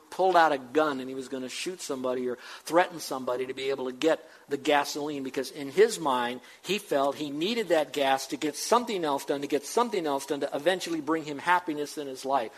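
A man preaching a sermon as pastor, animated, acting out the voices of Bible figures as he teaches. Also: on the high side, rough recording.

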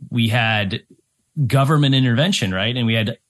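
A man's voice: medium pitch, moderate pace, fairly bright tone. A middle-aged man, a financial planner co-hosting a radio show, who explains things step by step and checks in with "right?". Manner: explains step by step, with many ums and "right?" asides.

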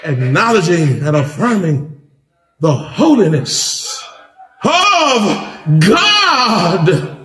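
A man preaching in a church, his high, expansive voice rising into loud shouts between lighter, joking asides. He takes his time over every phrase, and the room rings with echo. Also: sing-song, extremely slow. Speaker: pastor. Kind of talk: sermon. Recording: echoey church hall.

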